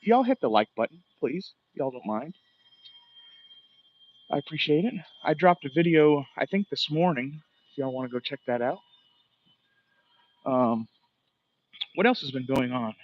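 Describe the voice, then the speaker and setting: A man's voice: medium pitch, expressive, a little slow, pauses often, highs cut off. A man hosting a casual walking livestream outdoors on a residential street, rambling and swearing as he chats. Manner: rambling, profane, chatty. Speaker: livestream host.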